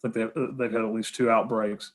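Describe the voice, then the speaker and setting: A man's voice: lowish voice, flat delivery, brisk. Tennessee man answering questions earnestly. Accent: Tennessee Southern. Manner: many fillers and restarts, earnest. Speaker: guest speaker, healthcare association head. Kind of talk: conversational Q&A over video call.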